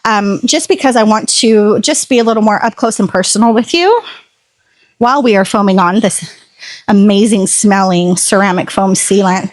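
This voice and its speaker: A woman's voice: medium pitch, normal speed, no room sound. A woman chatting casually to her phone camera outdoors while detailing a car, sassy and prone to ranting asides. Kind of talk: casual vlog chat. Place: outdoors at home, driveway. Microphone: phone camera on a tripod.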